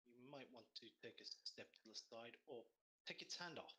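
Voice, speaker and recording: A man playing a tabletop role-playing game, blunt and dramatic, with plenty of swearing. His voice has a bright, sharp edge at a middle pitch. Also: moderate pace. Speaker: player.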